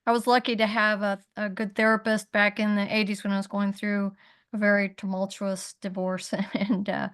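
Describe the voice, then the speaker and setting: A middle-aged or older woman on a video call, telling a personal story in an animated way. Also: mid-range voice, fairly quick. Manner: animated storyteller, laughs often. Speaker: community call participant.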